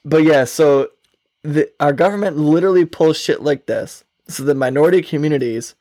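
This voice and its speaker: A man's voice: on the high side, normal speed, mellow, dry recording, studio quality. A man co-hosting a podcast, rambling through casual talk with frequent swearing and laughter. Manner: rambling, profane, laughs often. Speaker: podcast co-host.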